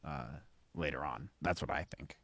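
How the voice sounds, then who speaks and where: A man's voice: rumbling low, moderate pace, a bit bright, dry recording. A man co-hosting a podcast, chatting casually and jokily during a live watch-along. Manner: laid-back, chatty, jokey. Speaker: podcast co-host.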